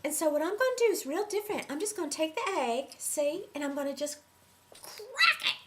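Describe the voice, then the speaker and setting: A woman's voice: high-pitched, lively intonation, quick pace, darkish tone, a little hiss or hum. A woman clowning her way through a mock cooking demonstration, playful and teasing in a sing-song way. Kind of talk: mock cooking show comedy.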